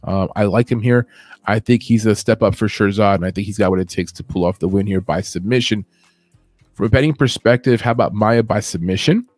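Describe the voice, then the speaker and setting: Chatty low-voiced American man breaking down fights. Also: fairly quick, no echo. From United States. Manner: chatty, joking asides, animated emphasis. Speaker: MMA podcast host. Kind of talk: casual fight predictions.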